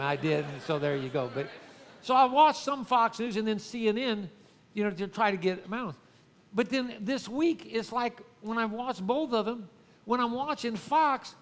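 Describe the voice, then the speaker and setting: A man's voice: high voice, a bit bright, long reverb tail. A male pastor preaching a conversational sermon, often calling out to the congregation and restarting his sentences.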